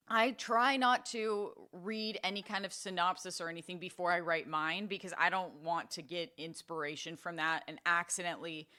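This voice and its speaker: A woman's voice: lowish voice, fairly even intonation, normal speed, pushed and bright. A young adult woman co-hosting a podcast in casual chat, chatty and laughing often. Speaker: podcast co-host.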